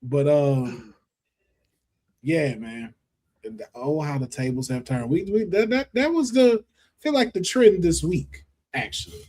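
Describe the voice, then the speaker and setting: A man's voice: fairly high pitch, expressive, a little slow, warm tone. A man hosting a podcast, chatting casually and often trailing off and restarting. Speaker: podcast host. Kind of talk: casual wrestling chat.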